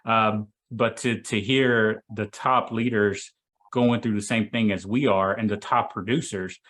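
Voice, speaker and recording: A man hosting a video call, asking his guest questions in halting speech with many restarts. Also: on the low side, fairly bright tone. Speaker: host.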